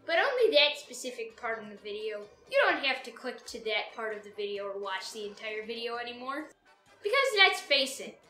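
Brief: someone doing a clueless, chipper male sidekick, high and bright, rambling, echoey room. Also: exaggerated voice. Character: dim, cheerful male comedy character. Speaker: co-host. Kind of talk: comedy sketch banter.

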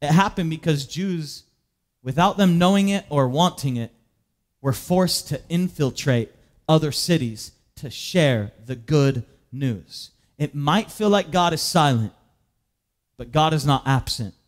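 A man delivers a sermon in a relaxed, conversational manner, tripping over small restarts and fillers as he goes. His voice sits a touch higher than most men's, and he slows right down to stretch out the phrases he wants to land. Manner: draws out key phrases slowly for emphasis. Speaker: pastor.

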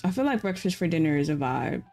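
Deep-voiced with a darkish tone and vocal fry, a female gaming streamer talks quickly with big pitch swings over faint music. She plays a farming game while chatting playfully, reacting out loud and responding to her viewers.

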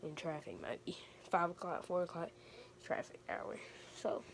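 A woman's voice: on the low side, lively intonation, moderate pace, gravelly, noisy background. A young woman, chatting casually to her viewers in a vlog, rambling and repeating herself. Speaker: vlogger. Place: camper.

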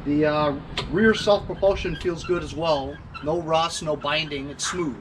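A man's voice: fairly high pitch, fairly even intonation, a little slow, very noisy. A man hosting a small engine repair channel, chatting casually with rambling asides and lots of fillers while he works. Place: home garage and car.

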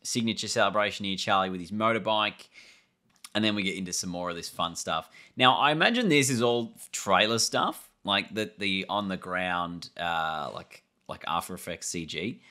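A man with a low voice that still comes across bright and forceful. He talks casually through a trailer breakdown. He rambles and thinks aloud as he goes, like a gaming YouTuber. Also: normal speed.

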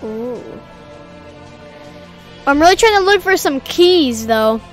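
A young woman commentating a horror game as she plays, excitable and easily scared, shrieking at frights and dropping to whispers. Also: high voice, slow, faint music behind. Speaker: gaming video creator. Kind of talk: let's play commentary.

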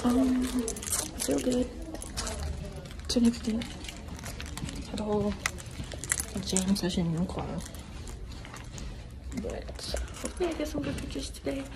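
A woman's voice: fairly high pitch, measured pace, long pauses, a crowd in the background. Chatty teenage girl vlogging on the street. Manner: chatty, excitable, slangy. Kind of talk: casual vlog chat to camera. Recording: loud background street noise.

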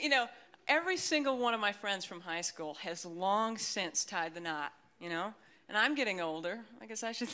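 A woman comedian on stage, talking in a dry, self-deprecating ramble full of asides. Her voice is bright and crisp at a mid pitch. Faint audience laughter and room noise sit behind her. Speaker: stand-up comedian. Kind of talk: stand-up comedy set.

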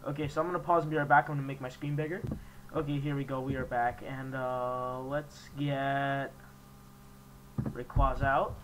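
A young man hosting his gaming channel, chatting casually and jokingly, reacting out loud as he plays an online battle at his computer. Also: mid-range voice, flat delivery, fairly quick, noisy background. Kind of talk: casual game commentary.

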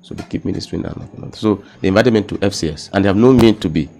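A young Nigerian man with a Nigerian accent, telling his personal testimony in casual conversation, halting and repeating words, often dropping into quiet emotional tones. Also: low voice, gravelly.

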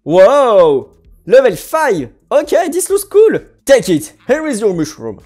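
A woman giving playful gameplay commentary, bubbly and quick to exclaim, giggle and hum little tunes. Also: high-pitched, wildly swooping pitch, dark tone. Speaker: gaming video creator.

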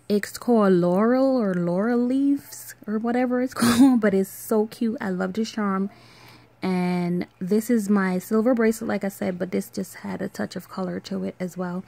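A woman in her thirties with a Caribbean island accent chats casually in a home vlog. Her voice has a gravelly, creaky edge, and her talk wanders, filled with ums and small laughs. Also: mid-range voice, no room sound. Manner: relaxed, rambling, with fillers and soft laughs. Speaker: vlogger. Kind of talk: casual show-and-tell vlog.

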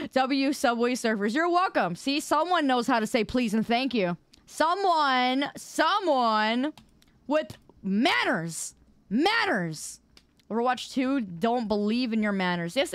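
A woman's voice: on the high side, smooth, no room sound. A woman streamer chatting casually with her viewers while gaming, playful and mock-indignant as she answers chat. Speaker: live streamer.

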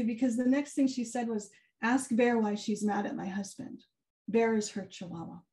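A woman giving a keynote talk, telling a personal story in an animated way and acting out the quoted dialogue. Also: on the high side, moderate pace. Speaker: keynote speaker. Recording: far from the mic, some echo.

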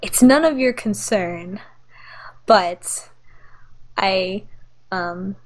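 A woman's voice: on the high side, expressive, moderate pace, a bit bright. A woman voicing an irritable, scheming young male vampire in a terse, condescending manner during a tabletop game. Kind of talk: tabletop role-play.

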